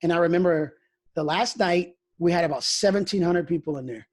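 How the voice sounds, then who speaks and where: A pastor talks openly in a conversational interview, sharing stories in a fairly high voice at a fairly quick clip. He frequently breaks off and restarts his phrases.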